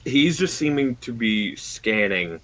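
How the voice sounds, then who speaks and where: A man narrating a tabletop game as dungeon master, describing scenes slowly and deliberately with pauses. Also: mid-range voice, animated, a bit bright, rough recording.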